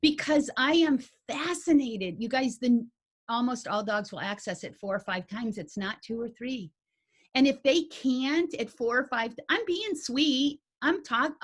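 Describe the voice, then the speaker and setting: Folksy woman teaching dog agility. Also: a little high. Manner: folksy and animated, with homey grammar. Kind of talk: conversational teaching talk.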